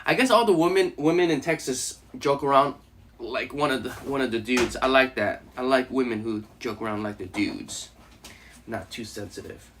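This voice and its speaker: A man's voice: mid-range voice, normal speed, background noise. A man hosting a casual live stream while eating, joking and laughing often with his chat.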